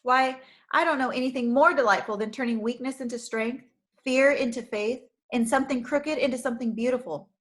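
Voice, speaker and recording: A woman voicing a cheerful, gentle male shepherd who speaks warmly and with confident strength in a storybook. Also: a little high, animated, normal speed.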